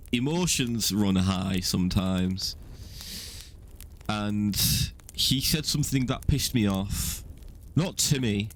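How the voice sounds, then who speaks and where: A man's voice: lowish voice, a little hiss or hum. A young man co-hosting a podcast, telling a story in a rambling, self-mocking way with many fillers. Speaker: podcast co-host. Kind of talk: casual storytelling chat.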